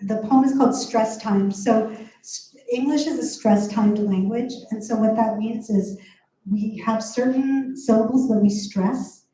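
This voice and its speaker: Woman poet with a very mellow voice, reading her work in a roomy bookstore space with chatty asides. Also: medium pitch, recorded from a distance. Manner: explains language points with chatty asides. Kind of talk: poetry reading with commentary. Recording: very echoey room.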